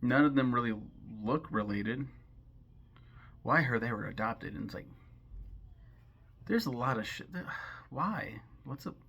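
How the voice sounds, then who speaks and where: A man with a gravelly, fry-laced edge to a bright, forceful tone, talking through a film in a loose, rambling way. He is sarcastic and swears freely, and he stops and restarts his thoughts as he goes. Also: medium pitch, animated, a little slow, long pauses, highs cut off. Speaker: film commentary host. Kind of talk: casual film recap and commentary.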